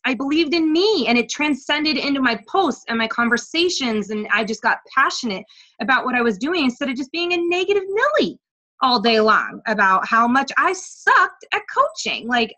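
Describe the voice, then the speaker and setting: A woman talking candidly about her coaching journey in a casual interview, swearing freely and getting animated as she retells things. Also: a little high. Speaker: guest coach.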